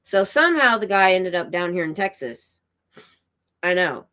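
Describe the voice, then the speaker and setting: A woman's voice: fairly low pitch, lively intonation, moderate pace, bright, forceful tone. A woman hosting a casual home livestream, telling a long story that wanders and breaks off to check details with her husband. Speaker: livestream host.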